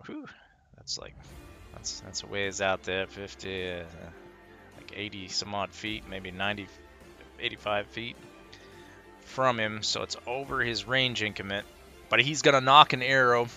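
A man with a very bright, sharp voice runs a tabletop game as game master. He narrates each attack in vivid detail and reasons through distances out loud. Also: on the low side. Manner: descriptive, works out distances aloud.

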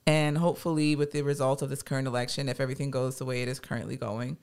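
Podcast co-host, mid pitch, rambling and profane, casual. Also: very fast, smooth. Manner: rambling, animated, swears freely.

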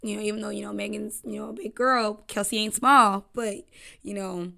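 A woman's voice: mid-range voice, steady tone, normal speed, creaky, sharp tone. A young woman hosting a casual talk show, rambling and cussing with laughing asides. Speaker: podcast host. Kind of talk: casual storytelling chat.

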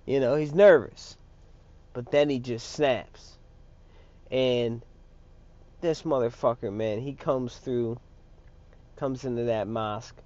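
Slow-talking man ranting crudely. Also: mid-range voice, steady tone, a little mellow. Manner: crude, profane, rambling with many fillers. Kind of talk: casual rant. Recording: dull lo-fi recording.

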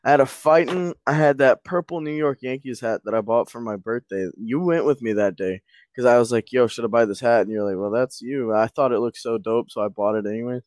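A young man in easy, casual conversation with a middle-range voice. He tells stories with lots of laughter and quick impressions of his friends. The sound is close and dry, with no room around it. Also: medium pitch, dry recording. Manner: laughing storyteller, quotes friends in animated bursts. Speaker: podcast co-host. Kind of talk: casual chat.

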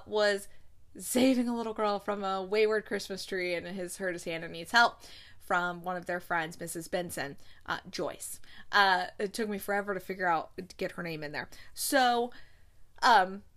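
A woman casually recapping a movie plot in a chatty, rambling way, acting out the characters' lines in quick quotes. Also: medium pitch, a bit bright. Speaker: movie reviewer recapping a film.

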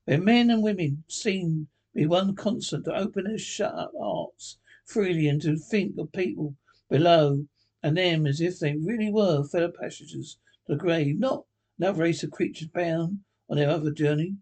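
A man voicing a cheerful, earnest young man in a storybook reading, warm-hearted and pleading, with a husky voice. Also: on the high side, normal speed.

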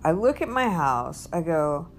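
A woman's voice: sits low, very animated, measured pace, soft background music. A woman telling a personal story in a casual monologue, rambling with restarts and acting out what people said. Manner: rambling, with many restarts and acted-out quotes. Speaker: vlogger.

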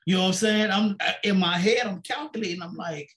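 A man's voice: sits high, fairly quick, fairly bright tone. A pastor telling his personal story in an interview, repeating "she said" and acting out the dialogue. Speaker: pastor and guest. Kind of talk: personal testimony in a sit-down interview.

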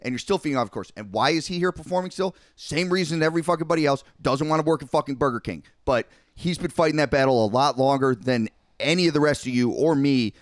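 A man's voice: on the high side, fast talker, few pauses, dry recording, clean studio sound. A young man on a podcast, rambling in casual chat with heavy swearing and lots of filler words. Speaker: podcast co-host.

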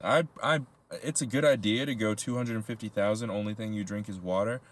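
A man's voice: fairly low pitch, steady tone, brisk. A young man co-hosting a casual podcast chat, rambling through his answers with frequent laughs and casual swearing. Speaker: podcast co-host.

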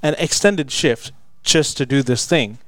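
A man in relaxed conversation, telling a work story with many pauses and "um"s. His voice is at a middle pitch and sounds dry, with no room around it. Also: dry recording. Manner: relaxed and hesitant, with many "um"s and repeats. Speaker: youth worker. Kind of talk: casual chat.

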